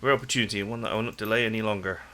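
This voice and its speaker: A man's voice: fairly low pitch, steady tone, racing, pushed and bright, slight background noise. Eager formal spider creature, as a man reads it out. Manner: stiff, courteous phrasing.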